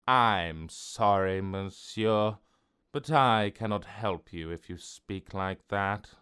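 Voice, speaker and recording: A man's voice: on the low side, sing-song, a bit bright. A man voicing a lonely, sad cartoon character who repeats everything people say to him. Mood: forlorn. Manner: slow, mournful echoing.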